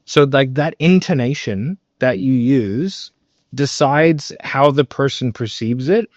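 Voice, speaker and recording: A man with a medium-pitched voice speaks slowly but animatedly, coaching on sales in casual talk. He's emphatic and loose, full of fillers, swearing and "right?" tag questions, and the recording is dull and slightly muffled, with no room sound.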